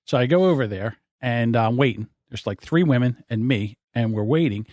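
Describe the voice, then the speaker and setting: A man hosting a podcast, telling a rambling story in a lively, laughing way. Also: mid-range voice, normal speed, no room sound, studio quality. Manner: animated, laughing, repeats himself. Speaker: podcast host. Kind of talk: casual storytelling.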